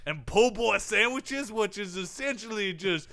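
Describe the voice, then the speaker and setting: A man's voice: high-pitched, expressive, unhurried, bright, forceful tone, heavily acted. A man in a comedy sketch impersonating a football quarterback who talks in a put-on Cajun drawl as a swamp tour guide, rambling and folksy. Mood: hammy.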